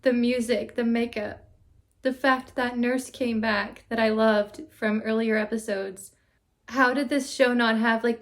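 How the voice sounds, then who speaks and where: A woman hosting a reaction video who reviews a TV episode in a casual, gushing, excitable way. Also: on the high side.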